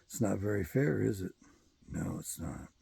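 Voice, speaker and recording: Very gravelly, husky male host. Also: on the low side, expressive, normal speed, warm tone, no room sound. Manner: rambling, profane and emphatic. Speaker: show host. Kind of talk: solo commentary monologue.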